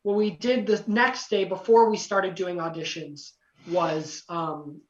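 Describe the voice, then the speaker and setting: A young man telling a casual story as a podcast guest, lively, acting out quotes, with lots of "you know" fillers. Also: high-pitched, unhurried. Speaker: podcast guest, former singing contestant. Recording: roomy, distant, dull lo-fi sound.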